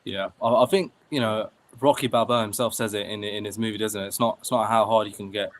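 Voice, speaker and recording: A man's voice: fairly low pitch, fairly even intonation, fast. A man, a guest talking in an earnest, upbeat, motivational way during a casual interview over a video call. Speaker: guest, award winner.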